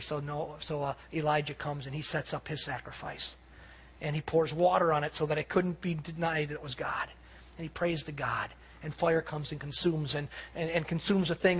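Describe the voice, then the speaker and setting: A male pastor preaching a sermon, telling stories with animated acted-out quotes. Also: on the high side, husky. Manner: animated storytelling preacher, acting out quoted voices.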